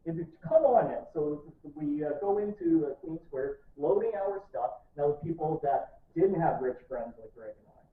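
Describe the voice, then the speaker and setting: A man giving a lively history talk to an audience in a library, acting out the people in his story and talking straight to listeners. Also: on the high side. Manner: dramatic, acts out quotes, addresses audience directly. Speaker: presenter. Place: library event room. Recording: distant, echoey, phone-like audio.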